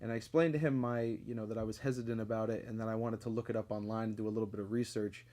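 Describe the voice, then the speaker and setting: A man's voice: on the low side, steady tone, very fast, dark tone. A man from Connecticut hosting a podcast, telling stories in a loose, rambling way with lots of fillers and swearing. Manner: profane, rambling, with frequent fillers and laughs. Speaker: podcast host. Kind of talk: casual storytelling monologue.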